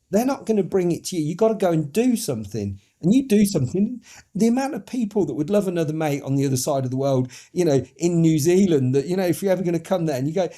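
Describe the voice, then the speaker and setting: A man's voice: on the high side, fast. A man from the United Kingdom, a podcast guest, telling stories animatedly, acting out other voices and swearing casually. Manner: animated storytelling, acts out voices. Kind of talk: podcast interview.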